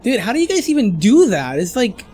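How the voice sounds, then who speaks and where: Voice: mid-range voice, sing-song, fairly quick, darkish tone, husky. A livestream host chatting casually and playfully, laughing while fumbling through new pronunciations. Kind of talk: casual live reaction chat.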